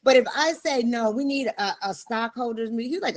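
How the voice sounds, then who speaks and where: A woman's voice: fairly high pitch, brisk. A woman hosting a podcast interview, enthusiastic and acting out conversations with her husband. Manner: enthusiastic, acts out quotes. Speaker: podcast host.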